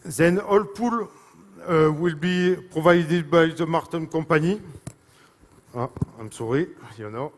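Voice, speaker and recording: French-accented man, halting on a hall stage. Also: fairly high pitch. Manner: halting and emotional, frequent fillers and apologies. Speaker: speaker presenting a product. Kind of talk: live stage speech. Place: stage at a large live event. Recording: long reverb of a large hall.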